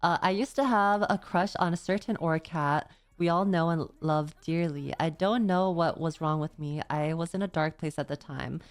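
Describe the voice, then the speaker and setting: A woman's voice: sits low, moderate pace, hardly any pauses, smooth. A woman streamer chatting casually and reading viewer confessions aloud, often stammering and swearing. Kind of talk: casual livestream chat, reading viewer messages.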